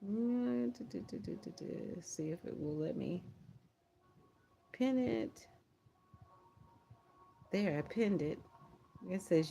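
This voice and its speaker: A woman's voice: medium pitch, expressive, slow pace, vocal fry, pauses often, mellow, a little hiss or hum. A woman hosting a livestream prayer watch, chatting casually, laughing often and reading viewer comments aloud.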